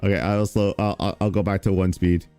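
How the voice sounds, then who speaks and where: A man's voice: deep voice, steady tone, fairly quick, dark tone, clear, resonant tone, no echo, faint music behind. A man hosting reaction commentary, talking in a sarcastic, mocking, profane way. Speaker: streamer commentary host. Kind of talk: reaction commentary on stream clips.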